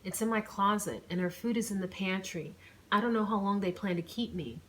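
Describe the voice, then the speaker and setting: A woman's voice: medium pitch, fairly quick, close to an everyday voice. A woman voicing a hurt, tearful young heroine in a storybook reading. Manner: shaky and tearful.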